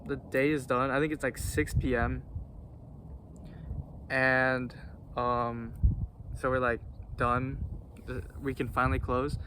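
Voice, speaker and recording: A man's voice: medium pitch, a bit bright, a little hiss or hum. A young man telling a story in a casual vlog, slangy and rambling, full of restarts and fillers. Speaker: vlogger.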